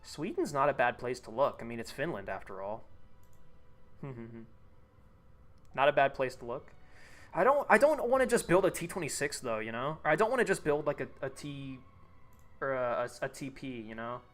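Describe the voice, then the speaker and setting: A man's voice: medium pitch, very animated, normal speed, pauses often, a bit bright. A young man streaming live, thinking aloud, reading chat and restarting sentences as he goes.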